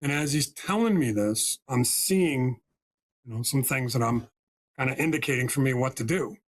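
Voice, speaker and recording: An emphatic storyteller, this US spiritual healer speaks as a podcast guest in a mid-range voice at a moderate pace. He keeps checking in with his listeners using "right?" and "okay?".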